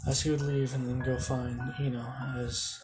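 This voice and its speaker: A man's voice: medium pitch, flat delivery, moderate pace, poor audio. A young man at home improvising a fan-fiction story in a rambling, casual way, full of restarts. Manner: rambling, repeats "he goes", slips and restarts. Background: music.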